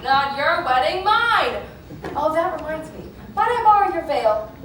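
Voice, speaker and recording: Brief: woman playing a drowsy, dry-witted chaperone, high, drawling; staged, distant and noisy. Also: very animated, unhurried, a bit bright, full character voice. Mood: drowsy, sly. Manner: languid, drawling, dry wit. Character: tipsy sardonic older woman chaperone. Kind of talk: amateur stage musical acting. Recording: echoey hall, mic far from stage, noisy.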